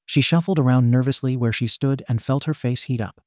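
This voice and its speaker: A man narrating a fan fiction story in a steady, even manner. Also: mid-range voice, brisk, few pauses, no room sound, studio quality.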